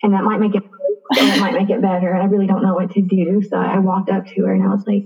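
Reflective young woman guest, personal story, narrow phone-like sound, mid pitch. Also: little pitch movement, fast talker, gravelly. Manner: quiet, reflective recounting. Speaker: podcast guest. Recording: tinny phone-like line.

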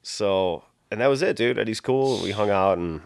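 A man's voice: fairly low pitch, normal speed, gravelly, dry recording, studio quality. A man who builds guitar pedals, telling long rambling stories in casual chat, swearing often and acting out the voices in his stories. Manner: rambling storyteller, heavy swearing, acts out quoted dialogue.

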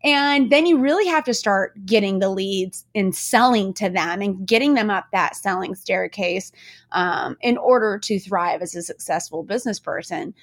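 A woman's voice: medium pitch, normal speed. A woman hosting a podcast interview, chatty and enthusiastic, who laughs easily while sharing stories with her listeners. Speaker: podcast host.

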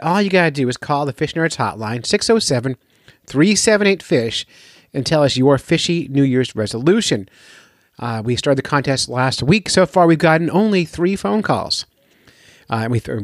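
A man's voice: mid-range voice, no room sound. Man, podcast host, rambling, jokey, dry close sound. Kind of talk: casual podcast talk.

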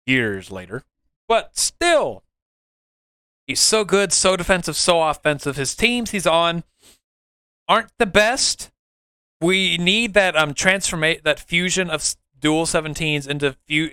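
Excitable man chatting about a game. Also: a little high, clean tone, no room sound, studio quality. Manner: excitable, laughs a lot, jokey. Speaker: podcast co-host. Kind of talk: casual chat about a mobile game.

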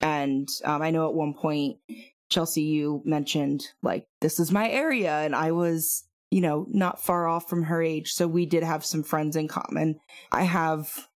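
A woman's voice: low voice, little pitch movement, unhurried. A woman co-hosting a casual true-crime podcast, talking in a chatty way with lots of fillers and asides. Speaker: podcast co-host.

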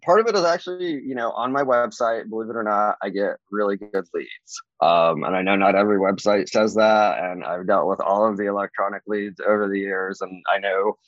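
A man's voice: fairly quick, hardly any pauses, no echo, highs cut off. A man, a real estate agent, talking casually in an interview, rambling with many fillers. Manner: rambling, many fillers, lively swings in pitch.

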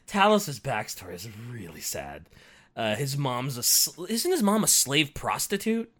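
A young man in casual conversation about a book, animated and acting out characters in quoted asides. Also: medium pitch, a little slow.

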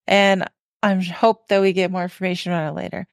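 A woman co-hosting a podcast in casual chat, speaking emphatically with drawn-out phrasing. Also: on the low side, little pitch movement, creaky, dry recording, studio quality. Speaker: podcast co-host.

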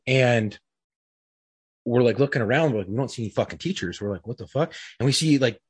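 A man's voice: medium pitch, expressive, a little fast, breathy edge, dry recording. A middle-aged man telling a story in casual, rambling chat, swearing freely and leaning on fillers. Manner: profane, rambling, uses lots of fillers. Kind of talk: casual storytelling among friends.

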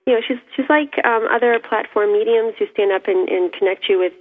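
A woman's voice: on the high side, brisk. Woman, radio caller, friendly chat, phone-line sound, reverb. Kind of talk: casual radio call.

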